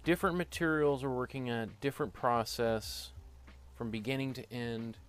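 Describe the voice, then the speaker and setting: A man with a Canadian accent teaches a painting class, thinking aloud as he works, with many fillers and restarts. His voice is medium-pitched, a bit bright, and at normal speed.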